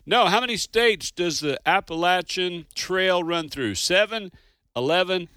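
A man co-hosting a radio trivia show with a high-ish, bright voice that moves a lot in pitch. He talks in a playful, chatty way and laughs easily, sounding dry and close to the mic. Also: animated, unhurried, clear, resonant tone, dry recording. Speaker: radio co-host. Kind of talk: casual radio chat.

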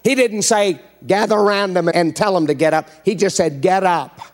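A man's voice: high-pitched, normal speed. Fervent preacher man with a raised voice. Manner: fervent, call-and-response preaching. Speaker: evangelist preacher. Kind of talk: sermon. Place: church before a congregation.

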